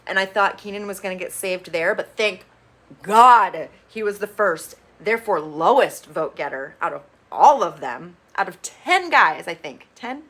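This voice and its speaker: Woman, reality TV recap vlogger, bright voice, chatty, opinionated, blunt, casual swearing. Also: mid-range voice, unhurried. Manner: chatty, gossipy storytelling with bursts of excitement.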